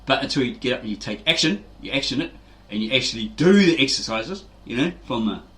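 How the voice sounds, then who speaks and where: A man's voice: mid-range voice, expressive, quick pace, a bit bright. A middle-aged man hosting a fitness video, telling rambling casual stories and acting out quoted voices, with frequent "right?" tags.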